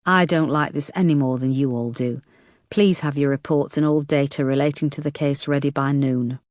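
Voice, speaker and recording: A woman's voice: low-pitched, fairly even intonation, moderate pace, darkish tone, dry recording, clean studio sound, natural voice. A woman narrator voicing a weary, firm female police chief who speaks in a clipped, decisive way.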